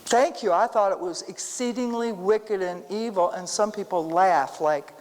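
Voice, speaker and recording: Lady giving a chatty sermon w/ stories, lively, big echoey church hall. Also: mid-range voice, normal speed, hardly any pauses. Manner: animated storytelling, talks to the room. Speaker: Bible teacher. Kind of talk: casual sermon with personal stories.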